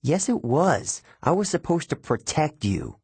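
A jittery, apologetic young satyr boy, as a male reader puts him on, his husky voice pushed a little higher than usual. He stammers and hesitates as he speaks, sounding timid and eager to please. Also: very animated, a little mellow, no echo, exaggerated voice. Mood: miserable. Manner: nervous, halting and stammering.

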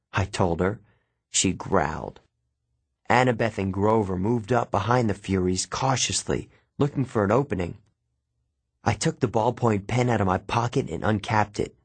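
Husky guy reading an audiobook, dry close sound, quick wry storytelling. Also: lowish voice, no room sound. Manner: brisk, wry, lively storytelling. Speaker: audiobook narrator. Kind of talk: scripted first-person narration.

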